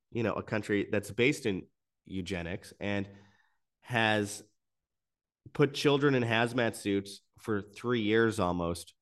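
A man delivering opinionated news commentary in an animated, indignant ranting manner, often restarting his words. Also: medium pitch.

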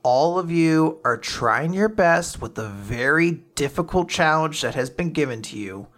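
Tough kind doctor guy reassuring a kid, slow and firm, host voicing him. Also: mid-range voice, lively intonation, a bit bright. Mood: fierce reassurance. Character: gruff devoted doctor, adult man, fierce and kind.

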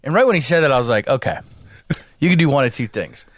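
A man's voice: mid-range voice, fast, no room sound, clean studio sound. A man co-hosting a podcast, telling a story in casual chat, swearing and acting out the people in it. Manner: animated, swears, acts out voices in his story. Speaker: podcast co-host.

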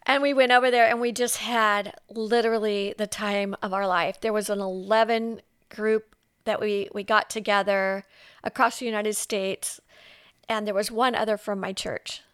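A woman from California appears as a podcast guest, sharing her faith testimony in casual conversation. She's an animated storyteller who acts out quotes as she goes. Her mid-range voice is smooth and at a normal speed, captured in a dry, clean studio recording.

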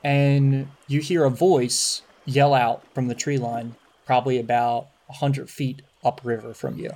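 A man narrating a tabletop game as game master in a relaxed, descriptive way with many fillers. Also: medium pitch, measured pace.

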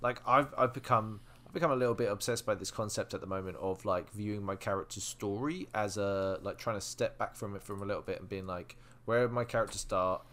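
A man co-hosting a podcast, chatting casually and telling stories in an animated way, often repeating words. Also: on the low side, brisk, hardly any pauses. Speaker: podcast co-host. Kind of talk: casual chat.

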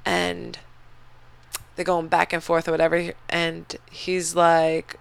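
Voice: mid-range voice, monotone, unhurried, vocal fry, a bit bright, clear, resonant tone, no echo. A podcast host casually retelling a movie's plot, swearing a lot and rambling through it with many fillers. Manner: rambling, profane, filler-heavy storytelling. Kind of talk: casual movie recap chat.

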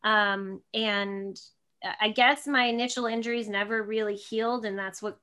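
A woman's voice: medium pitch, steady tone, normal speed, sharp tone, smooth. A woman in her thirties, a guest in an interview, telling a personal story in a rambling way with many restarts and fillers.

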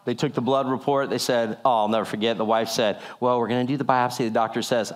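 A man tells a story from the pulpit at an ordinary middle pitch. He acts out each person's lines, often in a lower voice. He keeps the testimony animated and full of laughter. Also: quick pace. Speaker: speaker sharing a testimony.

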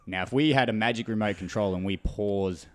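A man talking as a guest on a podcast, an animated storyteller who swears freely. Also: on the low side, brisk. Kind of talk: casual podcast conversation.

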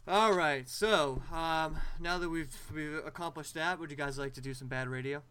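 Guy hosting a podcast, kinda high bright voice, laughs a lot, swears casual. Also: normal speed, clear, resonant tone. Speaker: podcast host. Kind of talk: casual chat.

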